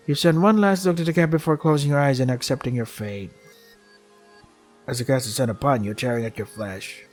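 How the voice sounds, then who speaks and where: A let's play gamer works through a visual novel, reading its text aloud and muttering dry, sarcastic asides between lines. He sighs often, and his asides drop soft and low.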